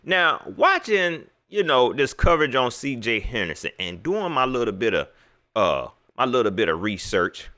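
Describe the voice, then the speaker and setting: A male sports talk show host runs a casual livestream, addressing his viewers directly in loose slang and repeating himself. His tone is bright and forceful, with big pitch swings as he gets worked up, at a moderate pace.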